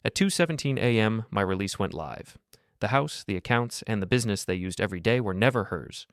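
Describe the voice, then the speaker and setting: Man, very low voice, dry close sound, calm story narration. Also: fairly quick, no room sound. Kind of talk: first-person story narration.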